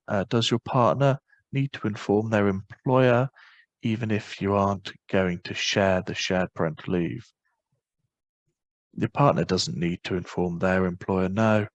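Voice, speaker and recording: A man with a Northern Irish accent presenting a webinar, explaining quickly and informally with many fillers. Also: on the low side, no echo, muffled recording. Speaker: webinar presenter on parental leave.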